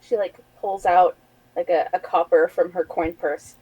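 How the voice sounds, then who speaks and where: A woman's voice: fairly low pitch, steady tone, measured pace, dark tone, breathy edge, dry recording, highs cut off. A woman guest player in a tabletop game, talking casually with lots of fillers and giggles.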